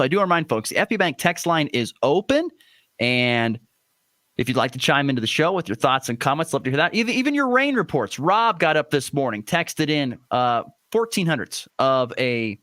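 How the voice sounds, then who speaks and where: Radio sports guy, middle pitch, dead dry studio sound, rambling with lots of uhs. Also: no room sound. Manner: chatty, many "uh" fillers, lively swings in pitch. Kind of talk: morning sports radio talk. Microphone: studio microphone.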